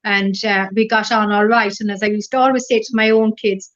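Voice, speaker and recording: A middle-aged woman with an Irish accent, a guest in a casual interview, telling stories gently and rambling through lots of fillers. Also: medium pitch, fairly even intonation, brisk. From Ireland. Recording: dull lo-fi recording.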